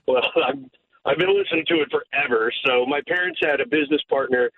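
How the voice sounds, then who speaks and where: A man's voice: mid-range voice, fairly quick, slight background noise. A man calling in to a radio show, telling a family story in a chatty way. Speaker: caller. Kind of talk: phone-in storytelling. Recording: tinny phone line.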